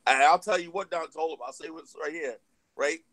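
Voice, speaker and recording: Male host, rapid heated ranter, leans on filler catchphrases; slightly high voice, dry sound. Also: fairly even intonation, a bit bright, no echo. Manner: fiery, repeats "you know what I'm saying" and "yep". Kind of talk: heated casual live-stream discussion.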